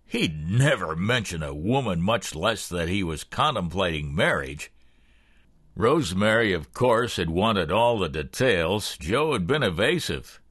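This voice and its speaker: A man narrating a thriller audiobook in the first person with expressive storytelling. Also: low-pitched, unhurried, breathy edge, no echo, clean studio sound.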